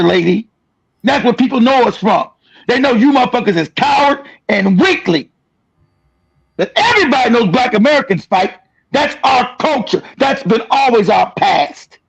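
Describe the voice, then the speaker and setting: A man's voice: very high-pitched, vocal fry, breathy edge, lo-fi sound. A man hosting a livestream, delivering an angry, profane, aggressive rant. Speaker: livestream host. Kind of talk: angry ranting monologue.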